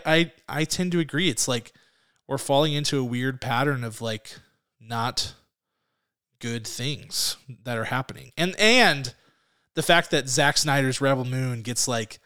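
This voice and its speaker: Smooth-voiced man in casual podcast chat. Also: medium pitch, pushed and bright. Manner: rambling, laughs often, searches for words. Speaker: podcast co-host.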